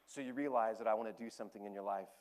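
A man pastor preaching a sermon, telling a personal story candidly and emotionally, dropping to a hush and then rising animatedly. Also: on the low side, rapid-fire.

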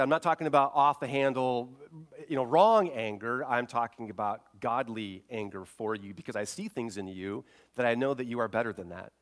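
Preaching man, swelling and hushing. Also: on the low side. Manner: swells loud on key points, drops to a hush in stories; quotes scripture and retells conversations. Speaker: pastor. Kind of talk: sermon.

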